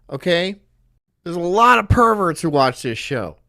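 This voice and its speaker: Male stream host, rambling crude banter, animated pitch, dry voice. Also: measured pace, dry recording. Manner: rambling, laughing at his own jokes, loud bursts.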